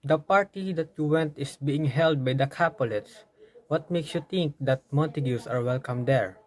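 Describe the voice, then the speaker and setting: A man's voice: a little high, normal speed, a little mellow, close to an everyday voice. A man playing an accusing, indignant Tybalt in an amateur school play. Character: indignant, hostile young Tybalt.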